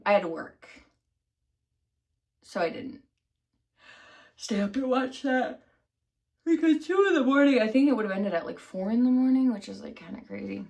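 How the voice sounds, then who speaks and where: A woman vlogger chatting casually to camera, scattered and self-deprecating, losing her thread often. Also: mid-range voice. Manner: scattered and self-deprecating, many fillers and restarts. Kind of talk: rambling casual chat to camera.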